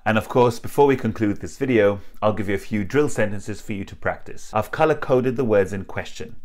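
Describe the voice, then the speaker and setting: A man with a British RP accent teaching pronunciation in an accent tutorial, speaking clearly and drilling words slowly and carefully. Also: fairly low pitch, a little mellow.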